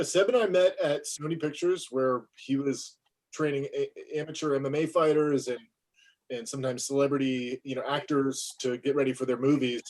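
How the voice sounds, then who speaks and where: Animated, self-mocking male filmmaker. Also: medium pitch. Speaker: filmmaker, interview guest. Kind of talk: storytelling in an interview.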